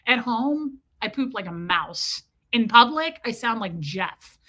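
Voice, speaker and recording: A woman's voice: on the high side, expressive, slow pace, pushed and bright. A woman hosting a casual livestream, telling a frank, crude comic story and greeting viewers by name between beats. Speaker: livestream host chatting with viewers.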